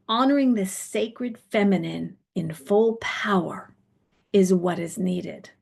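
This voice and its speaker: A woman preaching a spiritual sermon in a slow, meditative, incantatory way, repeating phrases and often sinking to a soft near-whisper. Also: mid-range voice, husky. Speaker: pastor.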